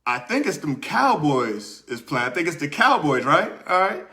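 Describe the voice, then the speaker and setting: A young man with a slightly high, sharp voice hosts his show in a small room under hot studio lights, his pitch swinging widely at a normal speed. As a podcast host, he tells a casual story, then runs through his sports picks, chatting and repeating himself to viewers.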